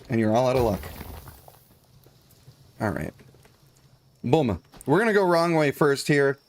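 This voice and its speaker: A man streaming a video game, chatting in a jokey, rambling, playful way. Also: mid-range voice. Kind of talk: casual live game commentary.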